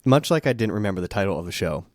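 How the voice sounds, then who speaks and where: A man co-hosting a podcast, chatting casually with joking, deadpan asides. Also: fairly low pitch, very fast, no echo, clean studio sound. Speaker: podcast co-host. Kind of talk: casual chat.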